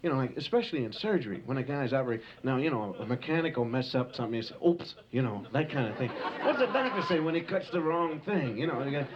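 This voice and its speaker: A man's voice: medium pitch, animated, fast, few pauses, crowd noise. A man doing stand-up, telling loose, rambling stories full of "you know", on a muffled home tape of a live show with audience and hiss. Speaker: stand-up comedian. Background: audience laughter and tape hiss.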